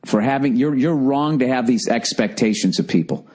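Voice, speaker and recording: A man's voice: medium pitch, moderate pace, darkish tone. A man hosting a podcast alone, ranting in an exasperated, profane solo monologue. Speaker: podcast host. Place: alone in a room.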